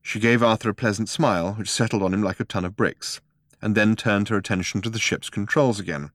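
A man narrating a comic science-fiction story in a measured, wry way. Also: on the low side, steady tone, a bit bright, dry recording, clean studio sound. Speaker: audiobook narrator. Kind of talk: scripted narration.

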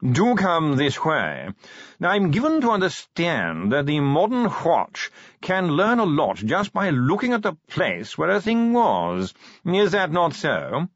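A man's voice: fairly high pitch, wildly swooping pitch, no room sound, highs cut off, voice pushed up, exaggerated voice. A man voicing a fussy, posh male art curator who drawls as if yawning, in an audiobook. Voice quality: drawling, yawning upper-class speech. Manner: slow, dithering, condescending. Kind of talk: audiobook character voice.

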